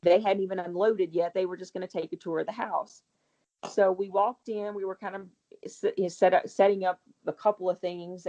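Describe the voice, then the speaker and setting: A woman with a low, gravelly voice tells her story in a chatty, rambling way, restarting her sentences as she goes. Her tone is dark and mellow. She speaks as a guest homeowner in a casual interview. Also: highs cut off.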